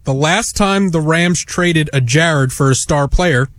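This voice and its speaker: A man with a New York accent, a regular on a sports talk show, telling jokes deliberately. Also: fairly high pitch, a bit bright, no room sound.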